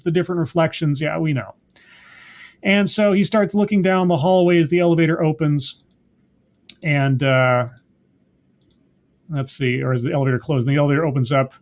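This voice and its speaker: Man with a slightly high voice; casual, rambling recap of a show episode, full of self-corrections. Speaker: TV episode reviewer.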